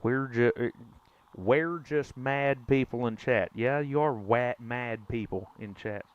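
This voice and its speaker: A man's voice: mid-range voice, slow pace. A man, casually joking and teasing his chat during a live game stream. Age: 20s. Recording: dull lo-fi stream mic.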